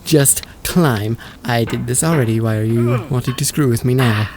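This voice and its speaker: A gaming YouTuber doing let's play commentary, exasperated and talking back at the game, lurching between yelling and muttering. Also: medium pitch, normal speed, background noise. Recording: voice with game music playing. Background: game music.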